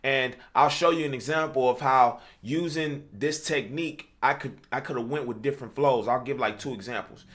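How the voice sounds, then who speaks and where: In a loose, conversational tutorial, a rap coach breaks down his verse-writing process and slips into rapped examples. His voice is medium in pitch and fairly bright, at normal speed with few pauses, and "you know what I'm saying" comes up constantly.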